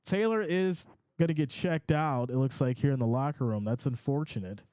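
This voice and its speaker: A man hosting a casual live sports reaction stream, reading chat comments aloud in a playful, animated way. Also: medium pitch, moderate pace, smooth, dry recording. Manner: animated and playful, often laughs.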